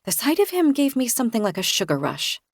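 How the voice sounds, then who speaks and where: A woman reading a first-person thriller aloud in an expressive, tense storytelling manner. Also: fairly high pitch, fast talker, no echo, clean studio sound. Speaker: audiobook narrator. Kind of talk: first-person novel narration.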